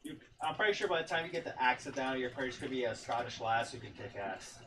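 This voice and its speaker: A man's voice: medium pitch, expressive, quick pace. A man co-hosting a casual podcast, laid-back and joking, reading out listener comments. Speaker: podcast co-host. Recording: distant mic with faint background noise.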